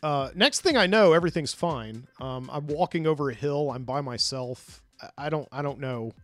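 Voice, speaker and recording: A man's voice: a little high, moderate pace, no echo, faint music behind. Rambling man recounting a dream, dry studio sound. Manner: rambling, many fillers and restarts. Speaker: podcast host. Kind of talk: casual storytelling, recounting a dream. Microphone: studio microphone.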